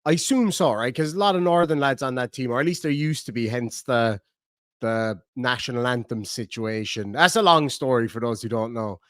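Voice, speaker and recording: A middle-aged Irish man chats casually on his livestream, joking and wandering off topic as he reads viewer comments. His mid-range voice has a fairly bright tone and a moderate pace, and the clean studio sound carries no echo.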